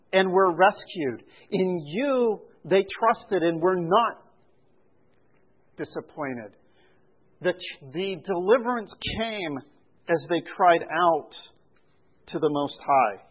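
A man preaching a sermon, teaching through scripture verses slowly and deliberately, building emphasis on repeated refrains. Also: high-pitched, lively intonation. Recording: phone-like narrow sound.

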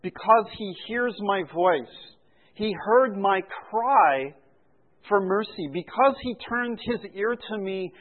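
Male preacher, unhurried and deliberate, voice sits high; narrow lo-fi recording. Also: expressive. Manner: slow, deliberate teaching with rising emphasis on refrains. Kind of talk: sermon. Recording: phone-like narrow sound.

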